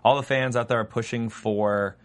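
A man's voice: mid-range voice, fairly even intonation, moderate pace. A young man co-hosting a casual TV recap, wry and joking. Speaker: co-host. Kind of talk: casual chat recapping a TV episode.

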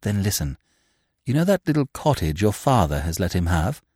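A man reading the lines of a determined young woman, speaking briskly and impatiently in his own voice. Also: sits low, sing-song, a little mellow, husky, no echo, studio quality, pitched below the performer's own voice, full character voice.

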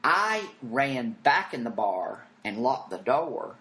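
Profane, animated male storyteller. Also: mid-range voice, slow pace. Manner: animated, profane, acts out quotes. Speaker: interview guest. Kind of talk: casual storytelling.

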